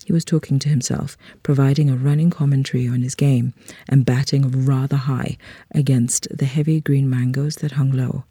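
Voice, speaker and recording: A reader telling a literary short story aloud in an unhurried, measured way. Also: medium pitch, little pitch movement, mellow, breathy edge, no echo.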